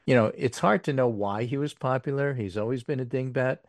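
A man's voice: mid-range voice, a little fast, dry recording, clean studio sound. A man hosting a casual political talk show, reading poll figures with wry asides and plenty of fillers. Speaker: political podcast host.

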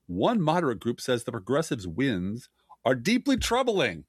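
A man co-hosts a political podcast with a sarcastic, mocking edge, reading news aloud. His pitch swings widely as he jeers. The sound is dry and close. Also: huge pitch swings, normal speed, slightly rough, no room sound. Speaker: podcast co-host.

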